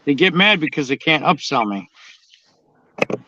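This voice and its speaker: A man's voice: on the high side, expressive, moderate pace, sharp tone, no room sound. A man chatting casually and bluntly, swearing constantly as he tells his stories. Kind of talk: casual profane chat. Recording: dull, dry lo-fi sound.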